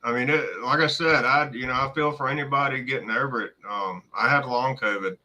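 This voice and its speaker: Bright-voiced Southern man chatting. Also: medium pitch, a little fast, dull audio. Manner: easygoing, gives friendly advice. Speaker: co-host of a metal detecting live show. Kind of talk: casual live-stream chat.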